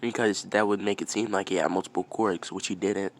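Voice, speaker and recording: A man's voice: deep voice, fairly even intonation, fairly quick. A man casually telling a fan-fiction story, rambling and repeating himself as he goes.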